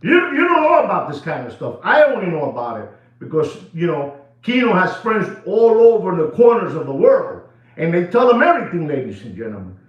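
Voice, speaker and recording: A man dealing in watches, ranting excitedly to camera in casual talk, repeating himself and dropping into Spanish phrases. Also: sits high, brisk. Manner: animated, repetitive, switches into Spanish phrases. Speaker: watch dealer. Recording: echoey room, dull lo-fi sound.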